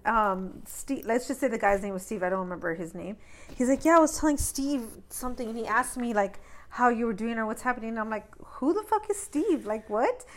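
A young woman co-hosting a casual podcast, teasing her co-host and laughing often, getting loud when quoting people. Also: a little high, fast. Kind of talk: casual chat.

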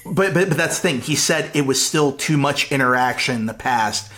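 A man co-hosting a casual movie podcast, talking excitedly with frequent stammered restarts. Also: mid-range voice, moderate pace. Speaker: podcast co-host. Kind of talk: casual movie review chat.

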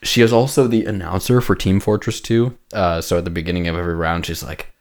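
Casting note: man with a very low voice, easygoing podcast co-host, rambles and restarts. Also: flat delivery, quick pace. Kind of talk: casual chat.

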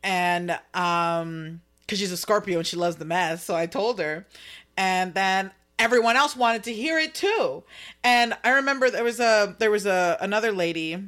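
A young woman co-hosting a casual podcast chat, with a voice of middling pitch. She is blunt and sassy and jumps in with quick comebacks. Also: a bit bright. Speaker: podcast co-host.

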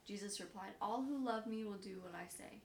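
Bible study member, woman, gravelly, steady scripture reader; distant, roomy recording. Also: mid-range voice, brisk. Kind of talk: reading scripture aloud. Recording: echoey room, from a distance, faint noise.

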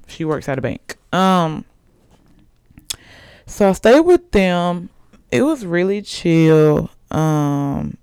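A woman's voice: sits low, vocal fry, a little mellow, clear, resonant tone, no echo, clean studio sound. A young woman hosting a podcast in casual chat, gossipy and chatty, laughing often. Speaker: podcast host.

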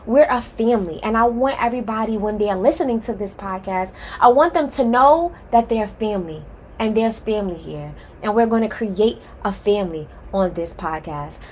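Her voice on the high side, a podcast host opens her show solo with passion and emphasis, talking right to the listeners she calls "y'all." She sounds both nervous and excited, and there is slight background noise.

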